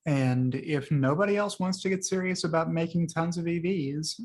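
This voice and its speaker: Chatty man with a higher voice. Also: moderate pace. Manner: chatty and rambling, with frequent fillers. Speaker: host reviewing liked tweets. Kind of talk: casual screen-share commentary.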